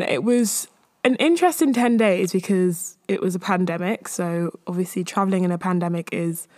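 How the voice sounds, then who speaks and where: A woman, hosting a podcast and rambling casually about her week, a bit out of breath. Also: lowish voice. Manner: rambling and chatty, with frequent fillers and laughs. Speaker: podcast host. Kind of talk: casual solo chat.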